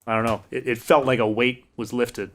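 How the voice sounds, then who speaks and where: Man, podcast co-host, hesitant, measured, medium pitch. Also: level tone. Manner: hesitant, measured, with many fillers. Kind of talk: casual podcast chat.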